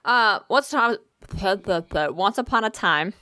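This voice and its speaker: Young woman, animated foul-mouthed storyteller; bright, dry close sound. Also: mid-range voice, measured pace, no echo. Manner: animated, swears a lot, laughs often. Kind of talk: casual storytelling chat.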